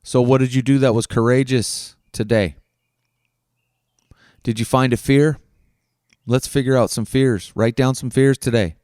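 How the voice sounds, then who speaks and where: A podcast host gives an earnest self-help monologue, coaching the listener with one question after another and swearing casually. His ordinary-pitched voice is smooth, resonant, a little mellow, and fairly even, at a measured pace with frequent pauses. The recording is dry and close with no room sound.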